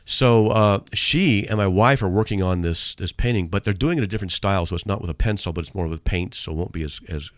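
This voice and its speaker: A man hosts a radio show from a studio, chatting casually, joking, and reading hate mail aloud in mocking voices. His voice sits low, moving at a quick pace with hardly any pauses, captured dry on a studio mic.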